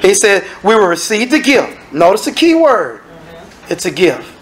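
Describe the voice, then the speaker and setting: A man preaching a sermon as minister, acting out dialogue and sometimes shouting. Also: sits high, sing-song, normal speed.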